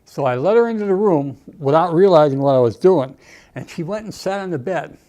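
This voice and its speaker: A man's voice: on the high side, animated, brisk, warm tone. Older man, emotional storyteller. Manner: emotional storytelling with frequent "okay" and "you know". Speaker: Army veteran interviewee. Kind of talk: reminiscing documentary interview.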